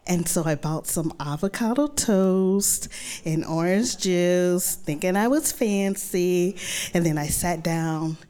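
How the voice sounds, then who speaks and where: Animated woman telling a personal story. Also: lowish voice, takes it slowly, clean tone. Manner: animated, conversational, acts out her own quoted thoughts.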